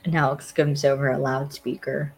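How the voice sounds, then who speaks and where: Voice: mid-range voice, flat delivery, moderate pace, gravelly, breathy edge, low-quality recording. A podcast host casually recapping a TV episode, rambling with lots of fillers and acting out the characters' lines. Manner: rambling, lots of "like", acts out quotes.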